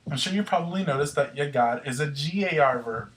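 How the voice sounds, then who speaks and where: A man's voice: fairly high pitch, animated, a little fast, slight background noise. A man teaching a recorded grammar lesson, explaining step by step and checking in with the viewer as he goes. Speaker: Spanish teacher.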